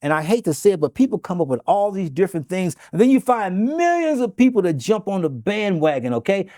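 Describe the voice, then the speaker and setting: A man being interviewed who tells animated stories and acts out the quoted dialogue. He keeps stopping to ask "okay?" to drive his points home. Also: sits high, fairly quick, no room sound, studio quality. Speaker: interview guest. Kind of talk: storytelling interview.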